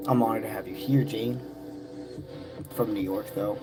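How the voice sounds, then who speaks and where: A man's voice: lowish voice, fairly even intonation, normal speed. A man hosting a live-stream tarot session, greeting chat viewers by name in loose, friendly slang. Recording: music playing in the background. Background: music.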